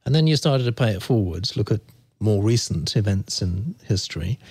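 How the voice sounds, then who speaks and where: Male podcast host, lowish voice, long framing questions, dry sound. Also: expressive, normal speed, a little mellow, husky, no room sound. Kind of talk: interview questions.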